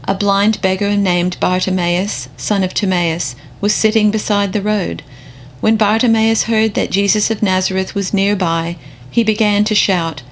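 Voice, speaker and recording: Woman, scripture reader, calm unhurried delivery, medium pitch, faint background hiss. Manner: measured, unhurried. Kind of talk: slow contemplative scripture reading.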